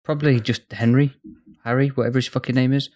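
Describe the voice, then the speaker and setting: Teasing British co-host, mid pitch. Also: male voice, steady tone, quick pace, a little mellow. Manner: teasing, playful. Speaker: podcast co-host. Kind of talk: casual podcast chat.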